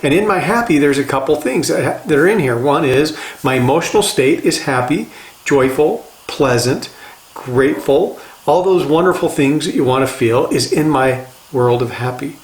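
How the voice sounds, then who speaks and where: A man's voice: fairly high pitch, expressive, moderate pace, reverberant. An older man, a life coach, giving an earnest motivational talk in a casual, conversational way and repeating phrases for emphasis.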